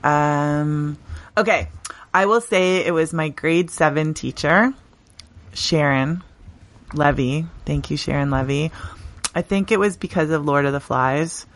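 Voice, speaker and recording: A middle-aged woman, a teacher talking earnestly and warmly about her work in an interview, laughing often. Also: sits low, a little slow. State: briefly tearful. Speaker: teacher, podcast guest. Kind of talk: conversational interview.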